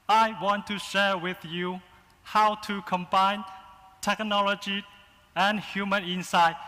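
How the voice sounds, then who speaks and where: A man putting on a calm AI robot speaker. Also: high voice, exaggerated voice. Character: male AI robot stand-in speaker, calm and formal. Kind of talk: staged keynote bit. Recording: long reverb in a conference hall.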